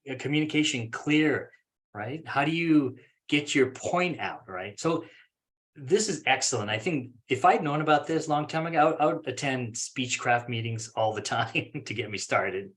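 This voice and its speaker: Presenting a course plan at an online speaking club meeting via video call, this man speaks with a medium pitch and a fairly bright tone. He's relaxed and self-deprecating, acting out examples in various voices.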